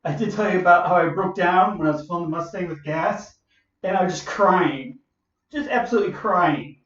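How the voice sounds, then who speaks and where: A man's voice: high voice, fairly quick, a bit bright. A man in his forties telling a personal story in a repetitive, emotional way. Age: 40s. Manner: repetitive, emotional, repeats phrases. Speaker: vlogger. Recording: roomy, distant, muffled recording.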